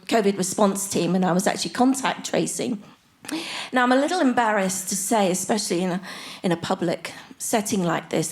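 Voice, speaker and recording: Older woman in her sixties, stand-up comic, chatty and self-mocking, voice sits a touch high. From Australia. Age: 60s. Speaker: stand-up comedian. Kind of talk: stand-up comedy set. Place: theatre stage before a live audience.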